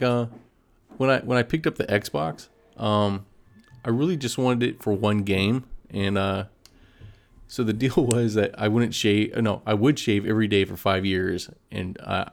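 A man's voice: fairly low pitch, gravelly. A man co-hosting a podcast in casual chat, easygoing and a bit hesitant, chuckling now and then. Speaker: podcast co-host.

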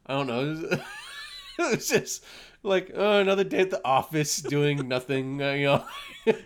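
Animated, laughing man chatting casually. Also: on the high side, normal speed, slight background noise. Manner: laughs often, animated storytelling. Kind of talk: casual chat.

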